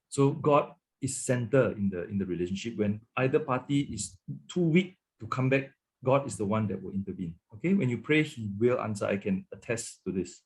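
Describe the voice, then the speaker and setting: A man's voice: fairly low pitch, animated, a little fast. A man with a Malaysian English accent, a pastor teaching a webinar on marriage in a conversational way. He repeats words often and keeps checking in with "okay" and "right". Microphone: webinar microphone.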